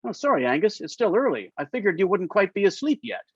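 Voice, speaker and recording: A man's voice: high-pitched, very animated, fast talker, breathy edge, no echo, voice pushed up, full character voice. A man reading as a nervous, earnest young aide. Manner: eager, self-conscious. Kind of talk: reading aloud from a novel. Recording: muffled lo-fi dry sound.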